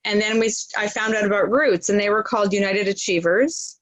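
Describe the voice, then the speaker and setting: An earnest woman who runs a charity talks through her work in a relaxed interview. She rambles a little and keeps replaying conversations. Her voice sits at a middle pitch and sounds dry and close. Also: brisk, dry recording, rough recording. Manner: earnest, rambling, retells dialogue. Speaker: charity founder, interview guest. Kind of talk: casual interview talk.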